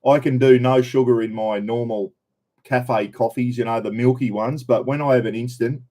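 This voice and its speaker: A man's voice: mid-range voice, fairly even intonation, moderate pace, mellow. An Australian man hosting a casual live stream, greeting viewers by name in a chatty, laid-back way. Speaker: livestream host. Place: in a caravan on the road.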